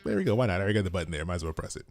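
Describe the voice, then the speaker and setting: A man's voice: low-pitched, wildly swooping pitch, racing, faint music behind. A man co-hosting a casual podcast chat, who explains things at length and laughs often. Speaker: co-host.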